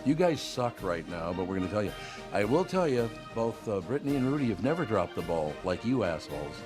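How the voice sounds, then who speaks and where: A man hosting a talk show, joking gruffly and cutting in with quick remarks. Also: lowish voice, very animated, over music. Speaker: host. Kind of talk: casual chat.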